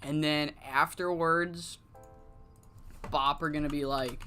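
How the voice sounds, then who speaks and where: A streamer giving casual, rambling commentary while playing a wrestling management game, cursing freely and breaking into excited rants. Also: mid-range voice, takes it slowly, pauses often, music in the background.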